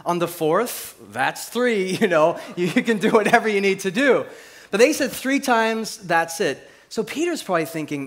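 A man preaching a sermon, telling stories and swinging between hushed reflection and lively, laughing delivery. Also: high-pitched, a little slow. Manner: laughs at his own stories. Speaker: pastor.

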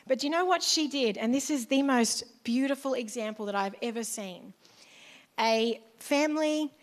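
A female pastor with an Australian accent delivers a chatty, conversational sermon in church, tossing asides to the congregation. Her pitch sits fairly high.

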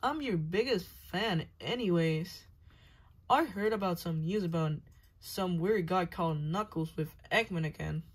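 A woman voicing an eager young male fox sidekick in a toy-figure story, pitched high. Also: unhurried, breathy edge.

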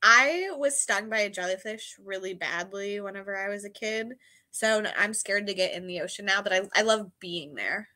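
A young woman guest on a live book chat, speaking in a bright, crisp tone at a middle pitch. She is soft-spoken and mostly keeps her replies short. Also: normal speed. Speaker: guest co-host. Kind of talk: casual live-stream book club chat.

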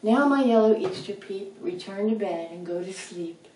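A woman voicing a motherly hen who gives soft, rhyming advice full of pet names, recorded in an echoey room from a distance. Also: mid-range voice, lively intonation, normal speed, a little hiss or hum, natural voice. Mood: tender, wise. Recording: roomy echo, voice from a distance.

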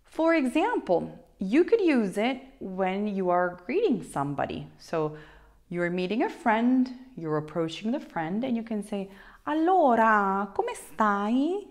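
A woman, a teacher giving a playful, expressive online language lesson with wide swings in intonation. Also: medium pitch, a little slow. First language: Italian. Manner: expressive, playful, shifts intonation widely for examples.

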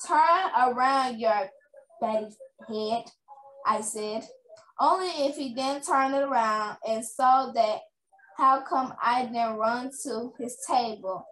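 A woman reading a children's chapter book aloud at a reading fair, halting now and then and restarting words. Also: on the high side, a bit bright. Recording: echoey room, faint noise.

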